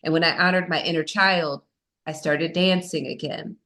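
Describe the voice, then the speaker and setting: Woman, podcast guest, lowish voice, candid, self-mocking storytelling. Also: fairly even intonation, normal speed, sharp tone. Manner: candid, self-mocking, with many "you know" fillers. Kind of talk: personal storytelling in a podcast interview.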